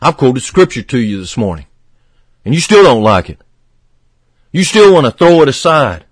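A man preaching a fervent radio sermon, swinging from emphatic peaks to hushed, low passages. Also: sing-song, normal speed, slightly rough, no echo.

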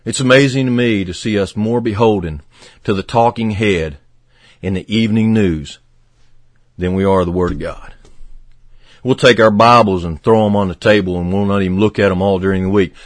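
A man preaching a fervent radio sermon, swinging from emphatic peaks to hushed, low passages. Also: fairly quick, no room sound.

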